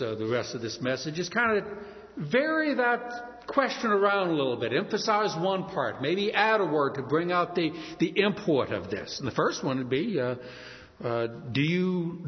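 Emphatic male preacher in an echoing hall. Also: a little high. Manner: emphatic, rising and falling. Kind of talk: sermon. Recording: dull lo-fi audio in a long-reverb hall.

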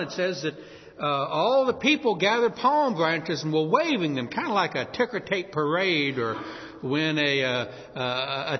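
A man preaching with a New Orleans accent, his voice set a bit high and swinging widely in pitch as he tells stories. He acts out the shouts of crowds with energy. The sound is muffled and rings with a long reverb, as in a church hall. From New Orleans, USA. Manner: lively storytelling with animated shouted quotes. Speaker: pastor. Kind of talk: sermon.

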